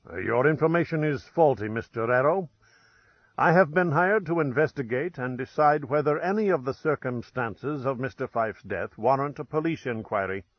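A man's voice: medium pitch, no room sound, close to an everyday voice. A stern, exacting detective, played by a male narrator, who talks in careful, formal phrases with a severe edge. The recording is dry and somewhat muffled, like an audiobook booth. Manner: severe, precise, formal diction.

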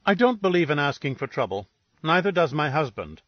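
Prim, snappish wife , put on by a man, high thin voice, words clipped; dull lo-fi. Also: sing-song, fairly quick, no echo. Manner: curt and snappish. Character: sharp-tongued, prim middle-aged woman. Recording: dull lo-fi recording.

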